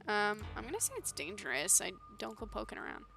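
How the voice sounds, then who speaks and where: A woman's voice: mid-range voice, sing-song, a little fast, vocal fry, few pauses, sharp tone, soft background music. A woman streamer reading a story game's dialogue aloud live, putting on character voices and chatting between lines. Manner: chatty, reads dialogue aloud, self-commenting. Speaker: streamer playing a narrative game.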